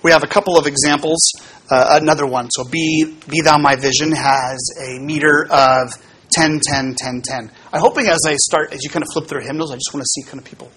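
Husky-voiced pastor teaching casually. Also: male voice, on the high side, steady tone, brisk, a bit bright. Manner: casual and explanatory, with many fillers and asides. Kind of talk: teaching talk on hymns to a congregation.

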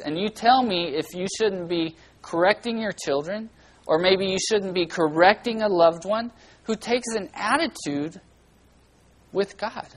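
A children's church teacher delivers a lively Bible lesson, firing lots of questions at the kids and erupting into loud, dramatic outbursts. The voice is mid-range and the recording is rough.

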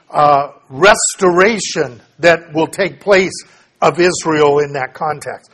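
A man's voice: high-pitched, fairly bright tone, slightly rough. A man giving a conversational Bible lesson, explaining plainly, asking his listeners questions and reading scripture aloud. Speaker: Bible teacher.

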